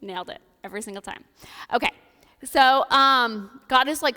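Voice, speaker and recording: A woman's voice: high-pitched, moderate pace, pushed and bright. Chatty woman preaching in an echoing church. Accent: American Midwestern. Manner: casual, chatty delivery with playful voiced asides. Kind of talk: sermon. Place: church sanctuary. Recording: reverberant church hall.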